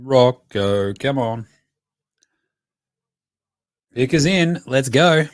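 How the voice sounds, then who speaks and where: Excitable Australian man reacting live. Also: mid-range voice, very slow, pauses often, no room sound, clean studio sound. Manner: excitable, profane, cheers and chants at the screen. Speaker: podcast host.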